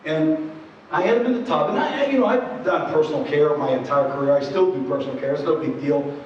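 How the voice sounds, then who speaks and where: Male presenter, higher voice, earnest conversational storyteller; dull, distant recording in a large hall. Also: fairly quick, a little hiss or hum. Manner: earnest, many asides and "you know"s.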